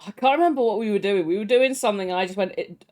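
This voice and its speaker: A woman's voice: medium pitch, racing, darkish tone. A woman streamer, chatting casually and laughing, slipping into silly voices when she tells stories.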